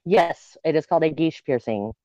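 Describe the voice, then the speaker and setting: A woman's voice: deep voice, normal speed, warm tone, no room sound, dull audio. A woman guest talking casually and bluntly, with crude humor and frequent laughs, over a remote call. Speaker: guest, piercer. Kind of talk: casual podcast chat.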